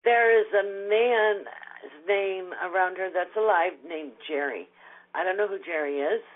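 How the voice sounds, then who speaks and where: A woman's voice: lowish voice, unhurried. A woman giving an intuitive reading on a webcast, speaking in a hesitant, searching way. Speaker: intuitive reader. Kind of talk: casual psychic reading. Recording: tinny phone-like line.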